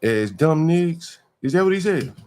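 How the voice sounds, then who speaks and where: A man's voice: a little high, expressive, normal speed, a little mellow. A man hosting a livestream, talking emphatically in repeated rhetorical questions. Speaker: livestream host. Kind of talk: ranting livestream commentary.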